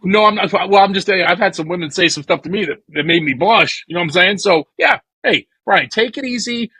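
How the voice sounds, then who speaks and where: A man's voice: high voice, animated, brisk, pushed and bright, husky, no echo, low-quality recording. A man hosting a podcast, rambling through bawdy, playful banter and acting out quoted lines. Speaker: podcast host. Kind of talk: crude comedic podcast banter.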